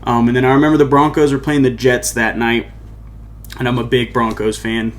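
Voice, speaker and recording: A man's voice: medium pitch, level tone, fairly quick. Young guy hosting his own show, just talking, rambly, lots of likes and you know what i mean, medium voice. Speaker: podcast host and musician. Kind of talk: casual personal storytelling.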